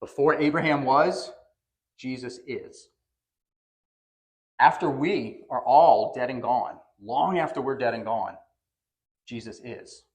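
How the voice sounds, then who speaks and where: A man's voice: medium pitch, takes it slowly, long pauses. A male pastor preaching a sermon in a church, with a conversational but emphatic delivery that leans on repeated phrases. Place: church sanctuary.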